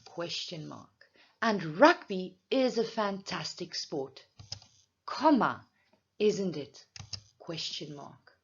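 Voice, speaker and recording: Slow, lively English teacher woman. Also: on the low side, lo-fi sound. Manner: slow, clear and deliberate. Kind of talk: grammar lesson.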